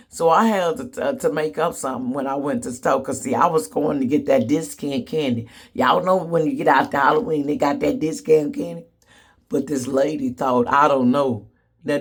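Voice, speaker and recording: A man telling comedic stories to the camera in a sassy, blunt way, laughing often. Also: a little high. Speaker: vlogger. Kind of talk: casual comedic storytelling.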